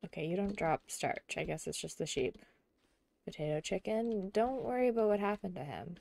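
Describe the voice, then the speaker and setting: A young woman casually chatting while she streams a video game. Her voice sits at a middling pitch, chatty and giggly, and she drifts into quiet murmurs to herself. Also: expressive, normal speed, gravelly. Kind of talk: casual gameplay chat.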